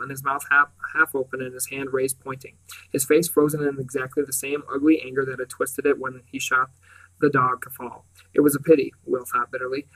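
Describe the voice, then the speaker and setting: A man reading a novel aloud in a steady, measured storybook narration. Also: mid-range voice, distant mic, low-quality recording. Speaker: audiobook reader.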